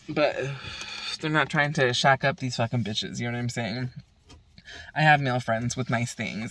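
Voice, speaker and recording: A man's voice: mid-range voice, fairly quick, fairly bright tone, no echo. A man from the Bay Area ranting profanely and heatedly in a casual vlog. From San Francisco Bay Area. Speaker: vlogger.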